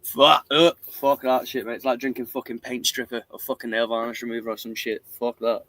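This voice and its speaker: A man's voice: mid-range voice, level tone, brisk, a bit bright. A young man hosting a stream, chatting casually, rambling and swearing constantly, laughing often. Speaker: stream host. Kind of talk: casual chat.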